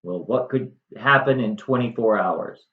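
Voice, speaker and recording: A man's voice: fairly low pitch, a little slow, natural voice. A man doing a blunt, dismissive ruler. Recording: roomy, slightly muffled room sound.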